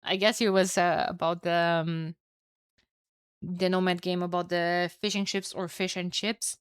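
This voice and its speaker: A woman commentating a strategy game alone for her live chat, chatty and excitable, tired and with a headache. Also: fairly low pitch, unhurried, clean tone, no echo, clean studio sound. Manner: chatty, excitable, swears and laughs at herself. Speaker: esports caster.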